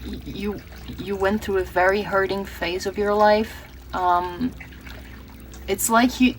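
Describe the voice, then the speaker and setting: A woman's voice: mid-range voice, a little hiss or hum, low-quality recording. A woman from Brazil giving a tarot reading, earnest and emotional, often restarting her words. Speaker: tarot reader.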